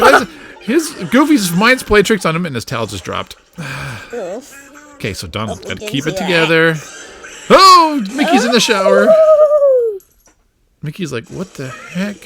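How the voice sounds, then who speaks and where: A woman hosting a reaction show, narrating a cartoon excitedly, laughing and sometimes hushing her voice. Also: lowish voice. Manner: excitable, laughing, often drops to a hushed voice. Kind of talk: live reaction commentary on a cartoon.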